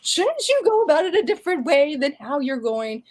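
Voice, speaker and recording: A woman's voice: high-pitched, sing-song, brisk, a little mellow. Passionate ranting young woman. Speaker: guest. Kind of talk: casual podcast chat.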